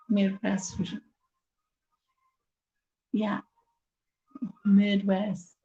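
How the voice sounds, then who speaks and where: A woman's voice: mid-range voice, monotone, drawn-out words, mellow, highs cut off. A woman vlogging casually to her viewers, chatty and rambling, laughing as she talks. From Kansas City area. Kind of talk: casual chat to camera.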